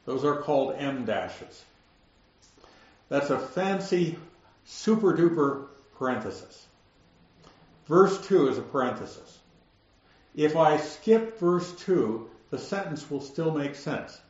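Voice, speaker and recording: A man teaching the Bible verse by verse, explaining the text and slowing down to stress key words. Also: on the high side, animated, a little mellow. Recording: roomy, slightly dull recording.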